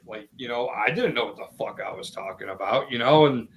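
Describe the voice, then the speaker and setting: A man's voice: mid-range voice, brisk, a loud crowd, poor audio. A man co-hosting a casual podcast chat, talking in a rambling, profane way with many restarts. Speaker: podcast co-host.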